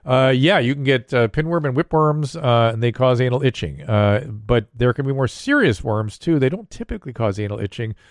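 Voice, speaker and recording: A man's voice: mid-range voice, brisk, hardly any pauses, no room sound, studio quality. An older man hosting a casual podcast, a doctor who explains medical points plainly while answering listener questions.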